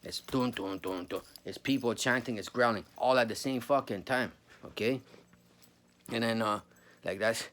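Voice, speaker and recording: A man's voice: medium pitch, normal speed, a bit bright, slight background noise. A man in his forties telling a spooky personal story in a rambling, profane, casual way, calling the listener bro.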